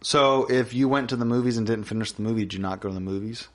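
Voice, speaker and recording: Male podcast co-host, crude riffing banter, mid-pitched everyday voice. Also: fast. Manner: crude, joking, riffs into loud put-on voices. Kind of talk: casual chat.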